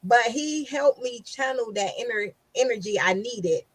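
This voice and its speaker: A woman's voice: on the high side, animated, a little slow, husky, dry recording, rough recording. A woman talking with emphasis in a casual conversation, repeating herself as she tells a personal story. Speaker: guest. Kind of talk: casual chat.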